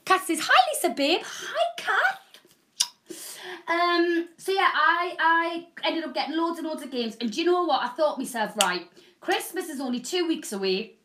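A bubbly, loud woman in her forties hosting a live selling show. Her voice sits high for a woman, and she chats fast and warmly with viewers as she pitches products. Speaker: shopping channel presenter. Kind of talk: live selling stream, chatty. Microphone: proper microphone.

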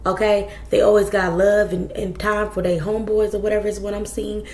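A woman's voice: medium pitch, level tone, fairly quick, a little mellow. Casting note: woman tarot reader, blunt and profane, chatty, roomy echo. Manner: blunt, profane, chatty, addresses viewers as y'all. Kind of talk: casual tarot reading.

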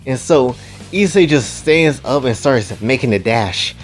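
A man's voice: medium pitch, expressive, unhurried, slightly rough, soft background music. A man casually narrating a self-insert story, rambling in laid-back crude slang.

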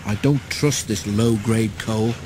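A man's voice: lowish voice, takes it slowly, background noise. A man doing a matter-of-fact railway fireman. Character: plain-spoken working railway fireman.

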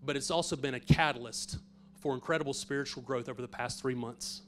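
A middle-aged pastor telling a personal faith story in a sermon, earnest and swinging from hushed to emphatic. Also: male voice, medium pitch, steady tone, fairly quick, a little hiss or hum.

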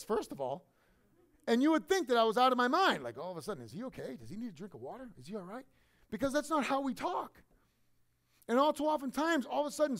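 A man preaching a sermon to his congregation in a conversational, animated way, sometimes mimicking other people. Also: very high voice. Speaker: pastor.

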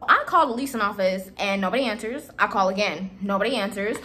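A young woman in her twenties casually retelling a story to her viewers, animated and exasperated, acting out the dialogue. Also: mid-range voice, quick pace. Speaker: vlogger telling a storytime.

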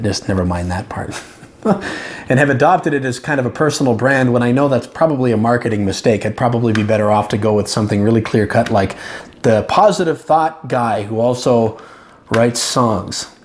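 A man giving calm, earnest, reflective advice to camera as a self-help vlogger, with slow emphatic phrases. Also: mid-range voice. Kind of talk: casual reflective talk to camera.

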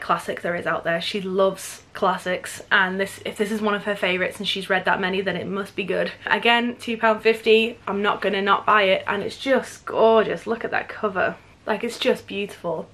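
A woman's voice: medium pitch, a bit bright. A woman in her twenties chatting enthusiastically about books she bought, gushing and chatty. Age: 20s. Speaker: book vlogger. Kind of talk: casual book haul vlog.

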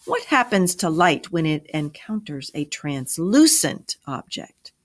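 A woman teacher reading a story aloud, then asking and answering review questions in a clear, measured way. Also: on the low side, big pitch swings.

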